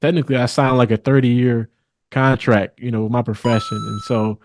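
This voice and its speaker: A young man from Milwaukee, a guest attorney, answering interview questions in an earnest, measured way with frequent restarts. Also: medium pitch, steady tone, a little hiss or hum. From Milwaukee, Wisconsin. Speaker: guest, real estate attorney. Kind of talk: interview conversation.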